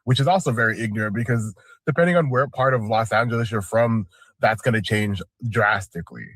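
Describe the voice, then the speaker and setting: A man's voice: lowish voice, brisk, fairly bright tone, dry recording. A man giving casual, thoughtful commentary with hesitant restarts.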